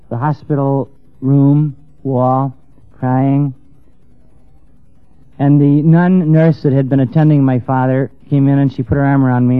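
A man telling a personal story to an audience with passion, stammering at times and swinging from hushed to raised. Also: on the high side, no room sound. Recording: tinny lo-fi dry recording with faint music.

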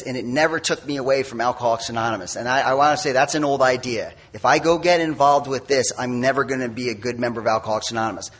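A middle-aged man speaking at a recovery meeting, giving a candid, self-mocking personal testimony full of quick asides. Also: mid-range voice, fairly bright tone.

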